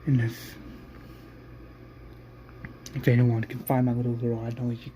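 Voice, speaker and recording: Brief: narrator voicing a gentle anxious mother, earnest and soft. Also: medium pitch, flat delivery, unhurried, a little hiss or hum, lightly acted. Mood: tender. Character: worried mother, tender adult woman.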